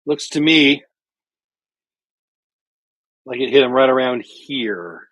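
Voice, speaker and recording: A middle-aged man hosting a baseball watch party livestream from home, chatting casually and calling the plays with excitement. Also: medium pitch, takes it slowly, no echo, muffled recording. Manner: chatty, thinks out loud, calls plays excitedly. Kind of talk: casual live baseball commentary.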